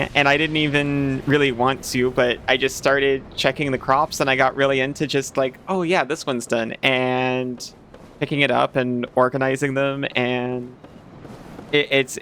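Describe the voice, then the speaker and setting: A man's voice: mid-range voice, a bit bright, slight background noise. A man chatting casually while playing a game as a streamer, often restarting and trailing off mid-phrase. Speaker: gaming streamer.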